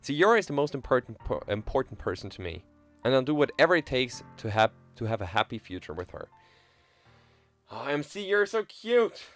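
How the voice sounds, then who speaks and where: A man's voice: mid-range voice, sing-song, fast, a bit bright, soft background music. A young man streaming, reading a visual novel aloud in a playful, joking way and chatting with viewers.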